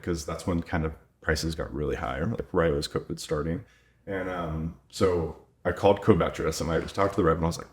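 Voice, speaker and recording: Vet in his thirties, very low voice, casual and anecdotal, chatty with lots of "like". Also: fast talker, darkish tone. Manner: chatty, quotes himself and others, lots of "like". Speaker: veterinarian and clinic owner. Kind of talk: casual podcast storytelling.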